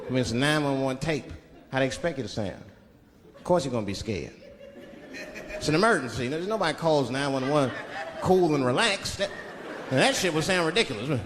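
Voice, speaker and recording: A man's voice: mid-range voice, brisk, long pauses. A man doing a stand-up comedy routine on stage, telling stories with sudden voice impressions, speaking into a handheld mic. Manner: animated storytelling with sudden voice impressions. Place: large theater stage. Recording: live show in a reverberant hall with crowd laughter. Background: audience laughing.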